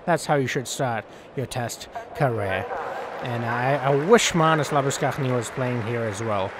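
A man's voice: mid-range voice, unhurried, noisy background. A young man casually commenting while playing a cricket video game, rambling and swearing offhandedly. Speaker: gaming channel host.

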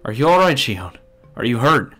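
A man voicing an anxious teenage boy trying to calm a frightened friend. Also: mid-range voice, normal speed, faint music behind. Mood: urgent soothing.

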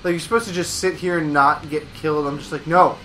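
An excitable woman playing through a video game with a friend, her voice lower-pitched yet bright. She bursts into shouted exclamations and quick reactions between casual remarks. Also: a little hiss or hum, rough recording. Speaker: let's play co-host. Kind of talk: casual gameplay chat.

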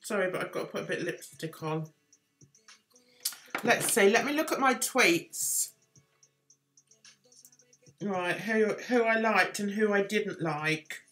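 Woman, live-stream host, chatty and rambling, lively bright voice, slow delivery, faint music behind. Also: medium pitch. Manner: chatty, rambling, self-deprecating, reads chat aloud. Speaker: livestream host. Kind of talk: casual live-stream chat.

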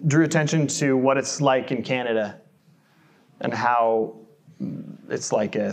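An American pastor with a medium-pitched voice delivers a church sermon. He keeps it conversational and pokes fun at himself, frequently tossing rhetorical questions to the congregation.

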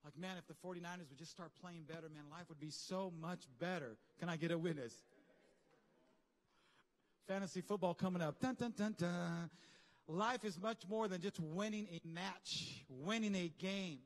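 A man preaching a lively, conversational sermon with slang and asides to his congregation. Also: high-pitched, normal speed, big-room sound. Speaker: pastor. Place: large church hall.

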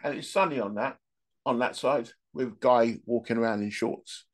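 This podcast host speaks in a mid-range voice at normal speed, telling rambling, jokey anecdotes in a relaxed monologue and chuckling at his own tales.

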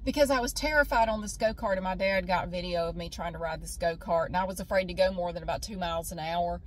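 Woman, late forties, casual vlog storyteller, salty and animated, faint outdoor hiss. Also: lowish voice, quick pace, rough recording. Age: 40s. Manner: animated, laughing, swearing freely. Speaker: vlogger. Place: outdoors at a beach.

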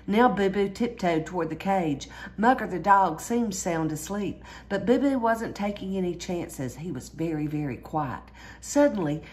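A woman reading a children's storybook aloud in a lively way, jumping higher for the characters' cries. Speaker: storyteller reading a picture book.

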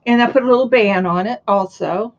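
An older woman with a fairly high voice talks in a chatty, gushing way as she shows off handmade items. The sound is dull and lo-fi, like home video audio. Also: fairly quick. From Florida. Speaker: crafting vlogger. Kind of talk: casual show-and-tell chat.

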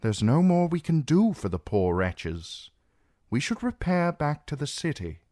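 A man's voice: a little high, big pitch swings, measured pace, warm tone, dry recording, clean studio sound, pitched above the performer's own voice. A man playing a grave old knight. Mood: worried. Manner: grave, formal. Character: older male knight, loyal and cautious.

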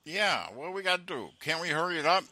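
A man's voice: a little high, animated, brisk, pushed and bright. A man on a phone call who mocks and insults the person on the other end with heavy profanity. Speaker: scam baiter.

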